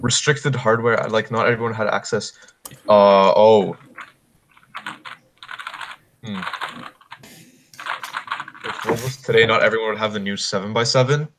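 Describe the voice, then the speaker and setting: A man's voice: lowish voice, steady tone, measured pace, pauses often, a bit bright, a little hiss or hum. A man chatting casually and thoughtfully on a live stream.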